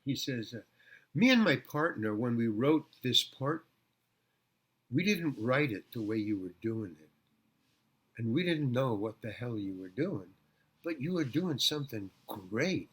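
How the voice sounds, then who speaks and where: An older man, a guest actor, casually telling rambling anecdotes in an interview, with halting restarts and repeated words. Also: medium pitch, lively intonation, husky.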